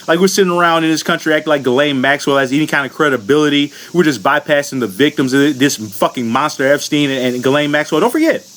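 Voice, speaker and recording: A man from the United States vents in a furious, foul-mouthed monologue on his own channel. His voice sits somewhat high for a man, and he talks bluntly, piling up curses without holding back. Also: animated, fast, few pauses, fairly bright tone. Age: adult. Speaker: vlogger. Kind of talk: angry political rant.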